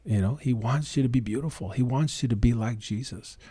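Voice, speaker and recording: A man's voice: medium pitch, brisk, mellow, breathy edge, dry recording. A middle-aged Canadian man and preacher, telling his story earnestly and emphatically in a casual interview, sometimes quoting others. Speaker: guest, preacher.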